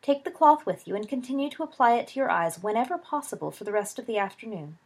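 A woman voicing a brisk, stern middle-aged school matron giving instructions, in a husky voice. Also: a little high, animated, pitched above the performer's own voice.

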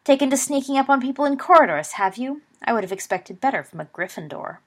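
A woman's voice: sits high, animated, fast, fairly bright tone, pitched above the performer's own voice, full character voice. Woman reader doing a smug teen boy, mocking, storybook. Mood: sneering. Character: cold, sneering teenage boy wizard.

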